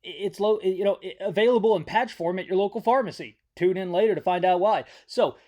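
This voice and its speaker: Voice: mid-range voice, fairly quick, darkish tone. A host retelling a horror movie's plot from memory in a rambling, joking way, tripping over words and correcting themselves. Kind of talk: comedic movie recap.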